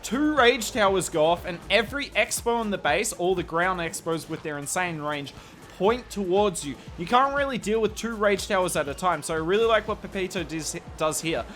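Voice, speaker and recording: A man's voice: high voice, expressive, normal speed, fairly bright tone, faint music behind. A young man with an Australian accent commentating a game replay in a chatty, candid way with self-deprecating asides. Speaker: strategy video commentator.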